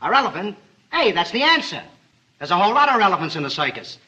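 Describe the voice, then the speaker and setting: A goofy dim-witted sitcom employee. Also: male voice, high voice, sing-song, fast talker, pushed and bright, exaggerated voice. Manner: goofy, literal-minded wisecracking. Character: dim-witted cheerful male employee, adult. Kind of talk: sitcom acting. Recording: dull old TV audio.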